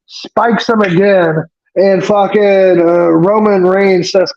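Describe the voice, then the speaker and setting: A man with a high voice recaps a wrestling episode in loose casual chat. He rambles, swears freely and leans on fillers. The recording is dull and lo-fi. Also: fairly even intonation, a little slow. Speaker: wrestling podcast co-host.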